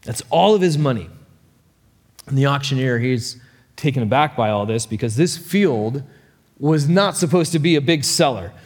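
A man preaching a sermon, telling a story in an animated, conversational way. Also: mid-range voice, moderate pace, husky, in a large hall. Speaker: pastor.

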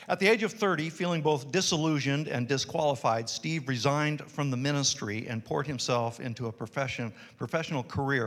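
A man at church reads out a guest's introduction in an earnest, measured way. His voice sits mid-range, and it rings with a long reverb from the hall around him. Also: mid-range voice, fairly bright tone. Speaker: church host introducing a speaker. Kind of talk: read introduction.

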